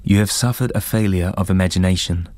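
Cryptic commanding fortune-teller woman, read by a male narrator, storybook, deep calm voice, dry sound. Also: fast, no echo, natural voice.

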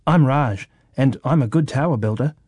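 A man's voice: mid-range voice, normal speed, darkish tone, slightly rough, dry recording, clean studio sound, lightly acted. A man voicing a confident, eager little boy in a children's story.

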